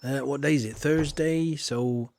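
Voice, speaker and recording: A man's voice: mid-range voice, fairly even intonation, measured pace, darkish tone. A man streaming a farming game live, chatting casually and answering viewer comments as he plays.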